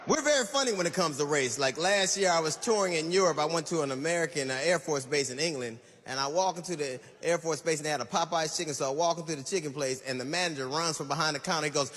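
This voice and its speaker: Man, stand-up, quick anecdote, fast talker, fairly high voice. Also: fairly bright tone, big-room sound. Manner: brisk anecdotal storytelling. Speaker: stand-up comedian. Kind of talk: stand-up storytelling.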